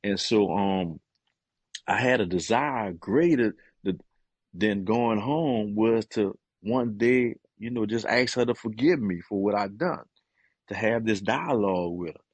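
A middle-aged man, a guest and author, giving an earnest and emotional personal testimony, often pausing with "man" and hesitating as he talks. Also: on the low side, dry recording.

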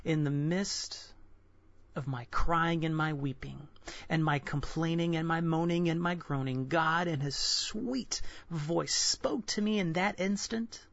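A man in his twenties giving an earnest, candid personal devotional sermon, halting and restarting often. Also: fairly high pitch, vocal fry, a bit bright, dry recording. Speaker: Christian devotional speaker. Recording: dull lo-fi dry recording.

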